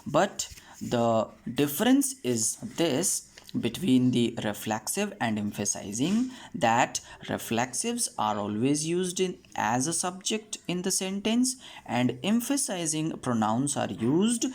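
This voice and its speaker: A woman's voice: a bass voice, sing-song, takes it slowly, a little mellow. A woman teaching an English grammar lesson, patiently repeating each point and slipping into Hindi to explain.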